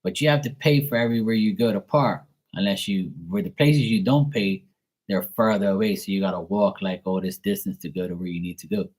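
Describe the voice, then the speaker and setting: A man's voice: fairly low pitch, fairly quick, darkish tone, poor audio. A man hosting a tarot reading live stream, telling profane, chatty anecdotes. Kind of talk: casual live-stream storytelling.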